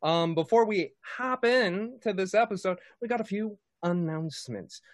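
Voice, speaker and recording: A man's voice: high-pitched, lively intonation, normal speed, dry recording, clean studio sound. A man hosting and running a tabletop game stream in a casual, jokey, playful way. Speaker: dungeon master and host. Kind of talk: casual live-stream chat.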